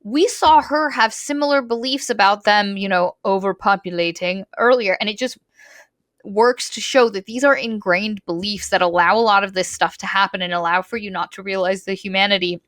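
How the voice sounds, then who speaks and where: A woman co-hosting a casual book podcast, talking in an animated way, acting out characters and swearing freely. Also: mid-range voice, moderate pace, no room sound, studio quality.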